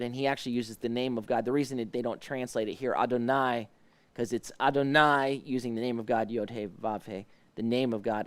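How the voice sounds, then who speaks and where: A man, a pastor, leading a live devotional Bible study. He paraphrases verses in a soft, pleading voice and explains Hebrew words with many restarts. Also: medium pitch, brisk, no echo.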